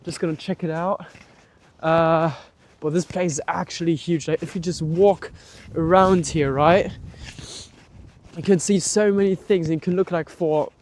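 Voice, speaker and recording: A man's voice: a little high, fairly even intonation, measured pace, pauses often, a little mellow, slight background noise. A young man vlogging outdoors as he walks, rambling casually with many restarts and fillers. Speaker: travel vlogger. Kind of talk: walking vlog commentary. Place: outdoors at a large war memorial park.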